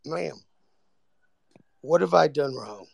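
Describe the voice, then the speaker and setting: A man presses his point in a heated voice-chat argument, repeating himself and cutting in constantly. His voice is slightly high for a man but deeply gravelly, full of fry, and the sound is dry. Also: animated, takes it slowly, dry recording. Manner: insistent, repeats words, talks over others.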